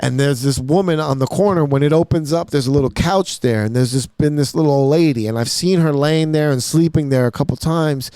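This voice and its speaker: A man's voice: on the high side, a little fast, hardly any pauses, no echo. Man telling a story in a dry studio. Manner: animated, profane, acts out his own lines in a hushed voice. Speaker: podcast host. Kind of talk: casual storytelling. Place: podcast studio.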